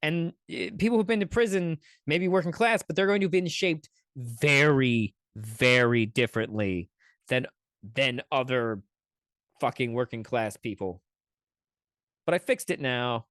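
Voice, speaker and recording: This podcast host has a medium-pitched, fairly bright voice and an unhurried delivery. He plays clips and responds with casual, sarcastic, profanity-laced commentary, captured in a dry, clean studio recording.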